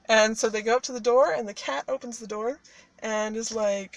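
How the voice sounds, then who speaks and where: A woman's voice: fairly high pitch, steady tone, fairly quick. A woman casually retelling a fairy tale in a parked car, chatty and irreverent, with swearing and laughing asides. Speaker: storyteller.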